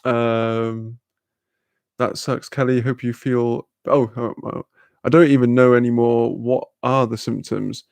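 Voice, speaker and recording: A man's voice: mid-range voice, steady tone, slow, vocal fry, a little mellow, smooth, no room sound. A young man hosting a livestream, chatting casually and reading out viewer comments, laid-back, laughing often and swearing freely. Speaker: livestream host.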